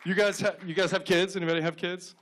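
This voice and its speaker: A man in his thirties doing stand-up on a club stage, telling deadpan stories and acting out short quotes. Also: high-pitched. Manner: deadpan storytelling with quick acted-out quotes. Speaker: stand-up comedian. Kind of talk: stand-up set.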